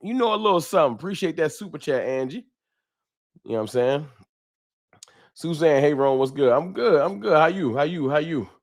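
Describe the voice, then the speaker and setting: A man's voice: a little high, lively intonation, normal speed, pauses often, darkish tone. A man hosting a casual live stream from a room at home, greeting viewers by name in loose slang. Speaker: livestream host. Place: home room with a wall sign. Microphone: desk microphone.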